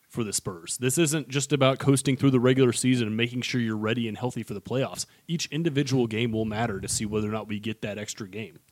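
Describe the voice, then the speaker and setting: A man's voice: mid-range voice, steady tone, fast talker, few pauses. A man on a casual sports podcast, explaining his points earnestly and joking with his co-hosts. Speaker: podcast co-host.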